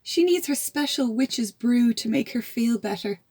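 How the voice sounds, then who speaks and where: A woman's voice: a little high, expressive, a little slow, darkish tone, slightly rough, pitched above the performer's own voice, exaggerated voice. A woman voicing a worried mother who gives her daughter urgent instructions.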